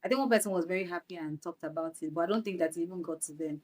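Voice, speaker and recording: A woman's voice: lowish voice, racing. Chatty Nigerian woman telling her story. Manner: lively storytelling with Pidgin phrases and laughter. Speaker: guest actress. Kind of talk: podcast interview.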